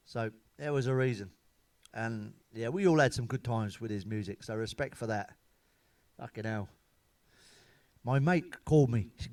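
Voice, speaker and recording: A middle-aged British man telling crude, sweary one-liner jokes in a deadpan stand-up monologue. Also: mid-range voice, dry recording. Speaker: stand-up comedian.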